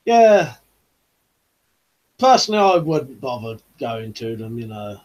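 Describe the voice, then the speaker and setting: A man's voice: medium pitch, big pitch swings, a little slow, a little mellow, dull audio. A man hosting a casual live-stream chat, rambling easygoing with lots of 'you know' fillers. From United Kingdom. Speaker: YouTube channel host.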